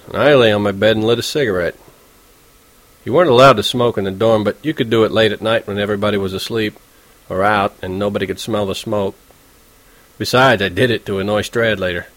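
A man's voice: fairly low pitch, dry recording. Sardonic male audiobook narrator. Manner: slangy, sardonic, conversational delivery. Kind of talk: first-person audiobook narration.

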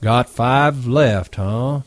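A man reading aloud and voicing a big, crude ranch hand who talks in a slow, blunt drawl. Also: medium pitch, dry recording.

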